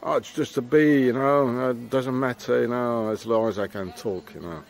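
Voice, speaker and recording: A man's voice: mid-range voice, steady tone, normal speed, creaky. A man ranting outdoors, scolding and repeating himself, peppering his talk with filler phrases. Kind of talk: angry street rant to camera.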